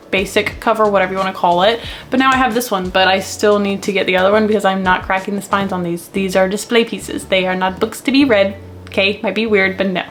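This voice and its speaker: A young woman in her twenties chatting to camera about her books, gushing and excitable, rambling from one thought to the next. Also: medium pitch. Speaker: book vlogger. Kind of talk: casual chat to camera.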